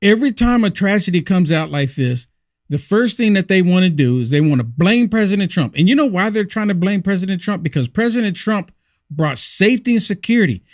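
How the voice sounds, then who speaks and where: Man, political commentator, heated, rhetorical questions, slightly high voice, dry sound. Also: lively intonation, fairly quick, no room sound. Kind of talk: opinion monologue.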